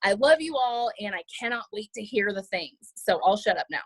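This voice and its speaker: A woman's voice: mid-range voice, lively intonation, brisk, no echo, rough recording. Teary woman gushing with praise. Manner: gushing, rambling with many fillers. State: holding back tears, runny nose. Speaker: team member on a group call. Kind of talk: emotional tribute on a group call.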